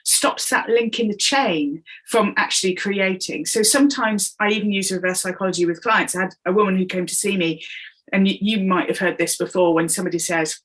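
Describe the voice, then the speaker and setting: Animated woman telling stories. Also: medium pitch, fairly quick, low-quality recording. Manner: animated storyteller who acts out quoted voices. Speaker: guest, coach and comedian. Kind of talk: conversational interview.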